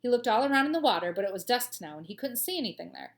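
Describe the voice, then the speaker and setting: Expressive woman reading a children's book. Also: on the high side, very fast. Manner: clear, expressive storytelling with playful asides. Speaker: teacher reading aloud. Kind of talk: children's storybook read-aloud.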